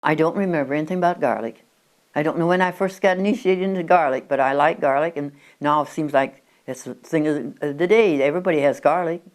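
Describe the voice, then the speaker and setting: Woman in her 90s, low voice, rambling reminiscence, chatty, stumbling restarts. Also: fast. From Oregon, USA. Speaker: interviewee. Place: at her country home.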